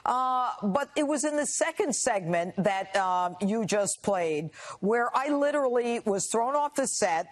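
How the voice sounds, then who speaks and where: A woman in her sixties, a guest on a cable news interview, telling her story in an indignant, animated way. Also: on the high side, a little slow, few pauses.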